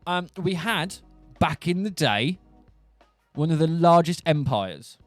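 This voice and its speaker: A man's voice: a little high, very animated, takes it slowly, dry recording, faint music behind. Joking young English man, dry close sound. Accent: Southern English, Buckinghamshire. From England. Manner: joking, rambling, with restarts. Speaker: streamer. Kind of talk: casual monologue.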